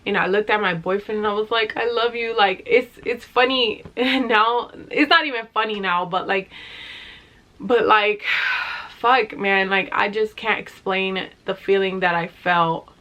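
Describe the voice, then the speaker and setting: A young woman telling a storytime to her camera, rambling and loose, packed with fillers and the odd curse. Her voice is bright and forward, at an ordinary middle pitch. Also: measured pace, muffled recording. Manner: rambling, lots of fillers and swearing. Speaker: vlogger. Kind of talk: casual storytime.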